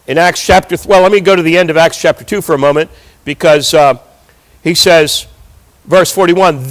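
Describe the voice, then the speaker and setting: A man's voice: a little high, normal speed. A man preaching a sermon, who reads scripture aloud and then explains it with rising emphasis. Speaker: pastor. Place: church sanctuary.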